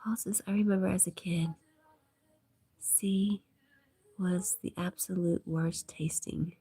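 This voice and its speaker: A middle-aged woman hosting a live stream, reading chat comments aloud in a soft, gentle whisper as whispered role-play. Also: fairly low pitch, steady tone, slow, breathy edge. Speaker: livestream host reading chat. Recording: faint background music.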